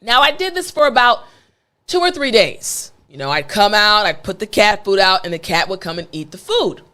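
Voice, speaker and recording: A woman's voice: mid-range voice, expressive, normal speed, bright, forceful tone. A woman with an American accent, an English teacher telling a story in a playful, conversational way. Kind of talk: storytelling lesson.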